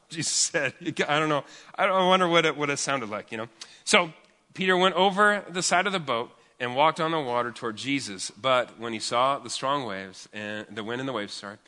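A man's voice: mid-range voice, normal speed, sharp tone, long reverb tail. A man preaching a sermon as pastor, talking in a conversational, joking way and often restarting his sentences.

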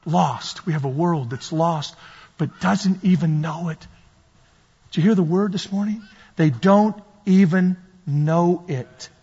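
A man preaches fervently, his voice high and husky as he drives home each point again and again. He acts out the voices of the people in his stories. The sound is dull and lo-fi, with a long reverb trailing through the hall. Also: slow, dark tone. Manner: impassioned, repetitive preaching, acts out quoted voices. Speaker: pastor. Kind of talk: sermon.

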